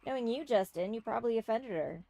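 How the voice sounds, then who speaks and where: A woman's voice: fairly high pitch, animated, fast, creaky, warm tone. A woman reading a teasing girl companion.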